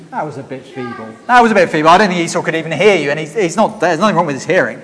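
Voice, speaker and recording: A man preaching an interactive sermon in a church, leading the congregation in call-and-response shouting. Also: fairly high pitch, expressive, racing, few pauses, some chatter behind, slight background noise. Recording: reverberant church hall.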